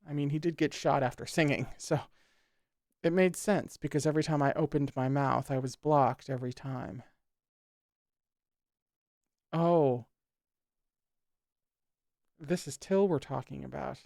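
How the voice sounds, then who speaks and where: A man's voice: fairly high pitch, moderate pace, vocal fry, pauses often, a little mellow, dry recording, clean studio sound. A man hosting a show who reads a text aloud and breaks off into sarcastic, exclamatory commentary, swearing casually. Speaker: host. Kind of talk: reading aloud and reacting with commentary.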